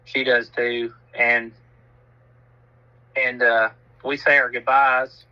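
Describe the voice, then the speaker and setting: A man's voice: medium pitch, flat delivery, takes it slowly, pushed and bright, muffled recording. A man, telling a self-mocking story in casual chat and swearing freely. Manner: laid-back, laughs at himself, swears freely.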